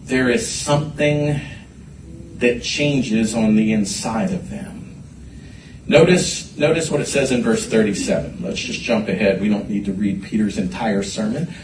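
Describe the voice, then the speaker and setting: A man preaching a sermon to a congregation, animated and repeating his words as he rises to shouts. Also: lowish voice, a little slow, background noise. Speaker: pastor. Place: church sanctuary. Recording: echoey room from a distance.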